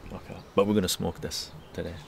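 A man's voice: low-pitched, flat delivery, quick pace, gravelly, a little hiss or hum. A man from Canada hosting a casual live stream from an outdoor patio garden, rambling and tagging his sentences with "right?". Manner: rambling, tag questions like "right?". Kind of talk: casual chat.

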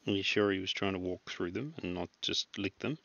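A man chatting as a regular guest, telling stories in an animated way and acting out the sounds. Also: sits low, brisk, vocal fry, dry recording, dull audio. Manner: animated storyteller, acts out sounds and laughs. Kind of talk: casual chat.

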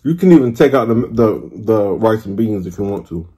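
A man's voice: fairly low pitch, animated, warm tone, slightly rough. A man in his thirties, a food vlogger, ranting in an exasperated, swearing way during a mukbang. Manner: exasperated, swearing, drawn-out complaints. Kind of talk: mukbang rant.

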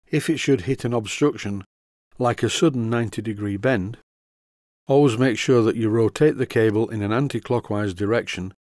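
An older man narrating a model workshop tutorial in a dry, deadpan manner. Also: on the low side, dry recording. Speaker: model engineering video host.

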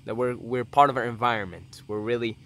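Young male YouTuber, bright and forceful, ranting off the cuff into a camera mic, keeps drifting onto tangents. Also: mid-range voice, brisk. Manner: rambling, earnest, swears casually, goes off on tangents. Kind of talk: casual vlog rant to camera.

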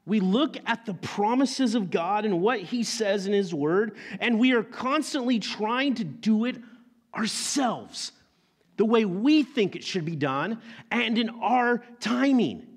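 A man's voice: sits high, animated, slow. A man preaching a sermon as pastor, telling the story animatedly and acting out the characters.

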